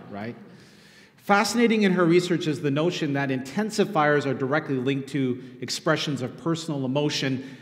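A man, a university instructor and producer, telling the story behind his film in a conversational public talk. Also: mid-range voice. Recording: long echo in a lecture hall.

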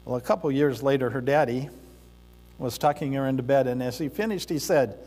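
A man preaching a sermon in a church sanctuary, speaking deliberately with pauses and the odd filler as he tells a story. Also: medium pitch, a little mellow. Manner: slow, deliberate delivery with pauses and occasional fillers. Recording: reverberant church hall.

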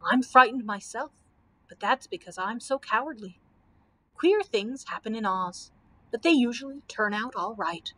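A woman's voice: on the high side, expressive, measured pace, bright, forceful tone, full character voice. A woman voicing a timid, good-natured male lion in a storybook, groaning and resigned.

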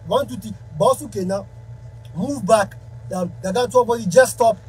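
A high-voiced man with a Ghanaian Pidgin accent delivers a heated, confrontational rant straight to camera. He keeps circling back to the same accusations, and faint noise hums behind him. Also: brisk, a little mellow, low-quality recording. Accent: Ghanaian Pidgin English. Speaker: musician.

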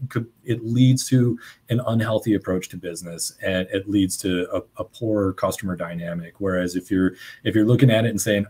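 Husky-voiced man musing on a panel. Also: fairly low pitch, fairly quick, hardly any pauses, dark tone. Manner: musing, restarts phrases often. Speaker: panelist, small business owner. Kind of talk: webinar panel discussion.

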